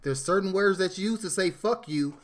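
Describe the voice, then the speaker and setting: A man on a casual live panel show, with a voice that sits a little high for a man. He explains his views in a measured, steady way and laughs easily at the others. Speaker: panel co-host.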